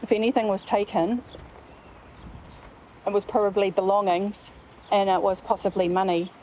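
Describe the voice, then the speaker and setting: A woman's voice: mid-range voice, steady tone, normal speed, dark tone, slight background noise. A woman psychic, speaking in fragmented, repetitive phrases.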